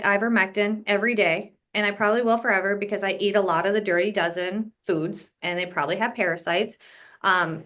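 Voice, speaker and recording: A young adult woman talking as an interview guest in a mid-pitched voice. She speaks earnestly and casually, stringing her thoughts together with frequent "like" and "um.". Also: a bit bright. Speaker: podcast guest.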